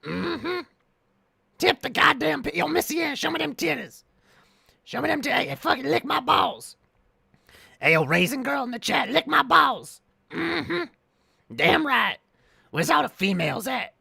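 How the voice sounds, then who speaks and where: A man doing a mocking impression of a crude, swaggering male pimp streamer in a high, raspy put-on voice. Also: sing-song, measured pace, pauses often, bright, forceful tone, no echo, clean studio sound, heavily acted. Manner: crude, boastful, drawled.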